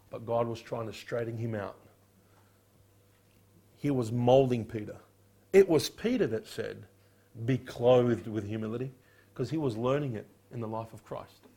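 A man preaching a sermon as a pastor, firing rhetorical questions and dropping quiet on solemn points. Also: medium pitch.

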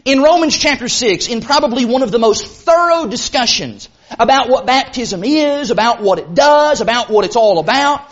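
A man preaching a sermon in an earnest, emphatic way, rushing some phrases and slowing hard on others. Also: very high-pitched, lively intonation, dull audio. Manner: earnest, emphatic, with sudden bursts of speed and slow stressed phrases.

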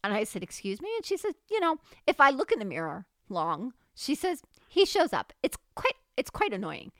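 A woman with a slightly high voice chats casually about her faith experiences at a normal pace. She tells stories animatedly, acts out the dialogue, and laughs often, captured in studio quality with no room sound.

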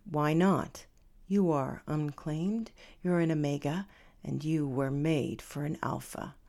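A woman voicing a domineering male alpha pirate in a romance audiobook reading, delivering his lines low and threatening, sometimes half-whispered. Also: fairly even intonation, takes it slowly, darkish tone. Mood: menacing.

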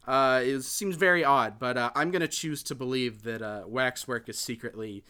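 A man's voice: medium pitch, normal speed, pushed and bright, clean tone. A man casually recapping a film plot for a podcast, rambling with many fillers and restarts.

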